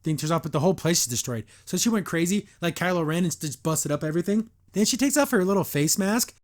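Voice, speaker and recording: A man hosting a podcast, reviewing a cartoon episode in a casual, animated, digressive way with mock exasperation. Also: on the high side, fast talker. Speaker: podcast host.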